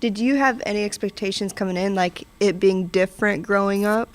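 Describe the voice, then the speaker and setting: A woman's voice: mid-range voice, steady tone, a little fast. A young woman hosting a casual interview, with short agreeing replies and questions. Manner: brief backchannels, easy laughter. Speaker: host, interviewer.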